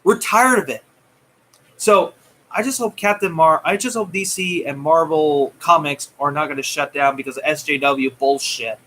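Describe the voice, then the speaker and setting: Bright-voiced man ranting heatedly. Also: a little high, normal speed. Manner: heated, taunting, swings loud and soft. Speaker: movie news vlogger. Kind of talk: ranting commentary.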